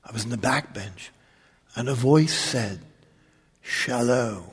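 A Catholic priest tells wry, joking stories to an audience. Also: male voice, mid-range voice, measured pace, husky. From New York. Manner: wry, joking, animated storyteller. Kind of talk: humorous storytelling talk. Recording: long reverb of a large hall.

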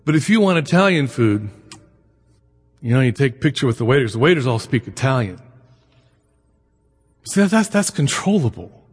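A man's voice: medium pitch, sing-song, moderate pace, pauses often, breathy edge, long reverb tail. A middle-aged man giving a conversational lecture, full of anecdotes, asides and rhetorical questions. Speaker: lecturer on the Bible and immigration.

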